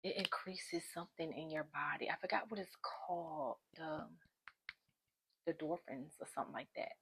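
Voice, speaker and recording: A woman's voice: low-pitched, moderate pace, gravelly, fairly bright tone, slight background noise. A young woman vlogger talking straight to her viewers, giving casual self-help advice in a chatty, informal way.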